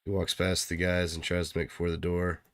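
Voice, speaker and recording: A man narrating as game master for a tabletop game, in relaxed, halting narration. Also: low-pitched, clean tone, no room sound, clean studio sound.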